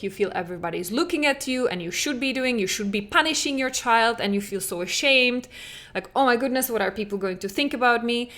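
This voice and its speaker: A woman's voice: medium pitch, a bit bright. A young adult woman hosting a parenting podcast, speaking in an earnest, conversational way with many "like" fillers. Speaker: podcast host and parenting coach. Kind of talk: solo podcast talk.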